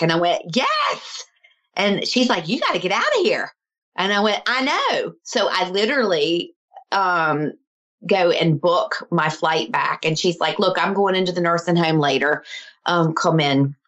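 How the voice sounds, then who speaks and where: A middle-aged woman, a healer, earnestly telling a personal story in conversation and acting out the voices of the people in it. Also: deep voice. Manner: earnest, animated, acts out quoted voices.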